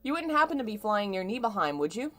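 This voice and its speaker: A timid young man who asks for things hesitantly and politely, as a woman reading aloud gives him voice. His pitch wanders lively as he talks. It is a storybook reading with no heavy acting. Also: quick pace. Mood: earnest. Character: shy, nervous young man.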